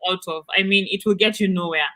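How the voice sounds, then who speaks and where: A woman's voice: mid-range voice, fairly even intonation, quick pace, pushed and bright. A woman, co-hosting a casual business chat and stressing her points by repeating them. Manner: emphatic, repeats key points. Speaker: co-host, business adviser.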